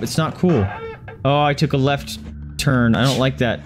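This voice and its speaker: A medium-pitched man talks at normal speed with soft music in the background. As a gaming video host giving frightened let's-play commentary, he panics through a horror game, yelps and swears at the scares, and repeats words in frantic bursts.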